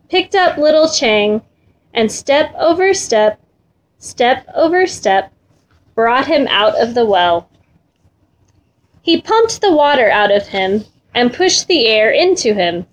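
A woman reading a children's story aloud in a gentle, rhythmic way, repeating phrases. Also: high voice.

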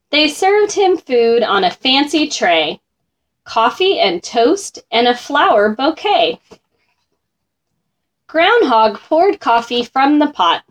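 Slow, sing-song storybook reader, woman. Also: high-pitched, sing-song. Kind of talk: children's picture book read-aloud.

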